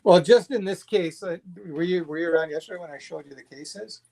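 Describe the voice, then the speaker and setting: A man's voice: fairly high pitch, brisk, a little mellow. A man chatting as a guest on a livestream, blunt and rambling, swearing freely. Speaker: guest watch collector. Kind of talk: casual livestream chat.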